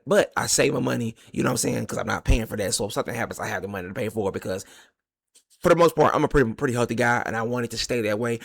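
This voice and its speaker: Fast, gravelly man joking loosely. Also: medium pitch, dry recording. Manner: joking, rambling analogies, loose slang. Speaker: food delivery trucker. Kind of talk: casual opinion monologue.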